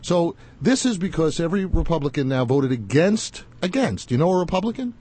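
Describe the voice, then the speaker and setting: Mellow-voiced, indignant male talk host. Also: fairly high pitch, big pitch swings, brisk, husky. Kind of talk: opinionated commentary.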